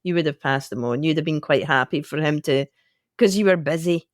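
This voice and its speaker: A woman's voice: sits low, a little fast, no echo, clean studio sound. A Scottish woman co-hosting a podcast, chatting casually and asking playfully curious, teasing questions. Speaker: podcast co-host. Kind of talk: casual chat.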